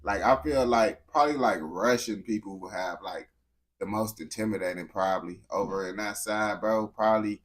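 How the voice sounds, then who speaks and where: A man's voice: on the low side, moderate pace. A young man from the United States giving slangy, incredulous reaction commentary on a video.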